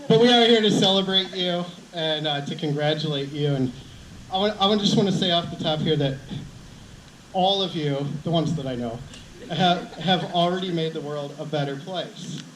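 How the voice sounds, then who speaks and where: Male teacher, sincere graduation speech, halting, noisy echoey recording. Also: fairly high pitch. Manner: earnest, halting restarts, gentle advice. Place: outdoor ceremony with crowd. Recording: echoey outdoor sound with background noise.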